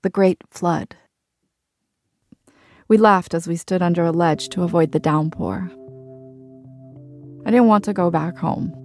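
A woman's voice: on the low side, moderate pace, long pauses, a little mellow, faint music behind. A woman from Argentina narrating her personal story in a candid, reflective way. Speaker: journalist and narrator.

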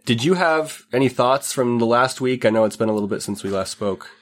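A man's voice: medium pitch, a little fast. A young man hosting a podcast, congested from a cold, chatty and laughing as he tells stories. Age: young adult. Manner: chatty, laughs often, animated storytelling. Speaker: podcast host. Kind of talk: casual chat.

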